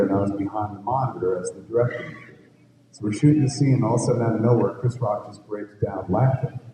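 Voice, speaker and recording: A man's voice: fairly low pitch, background noise. A man telling profane, rambling anecdotes at a live fan convention panel. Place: large convention hall with live audience. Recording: echoey hall recorded from far off.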